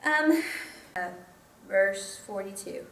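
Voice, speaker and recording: A woman's voice: medium pitch, expressive, takes it slowly, a bit bright. A woman pastor teaching scripture in a conversational way, with chatty asides. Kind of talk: Bible teaching. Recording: echoey room, mic at a distance, faint noise.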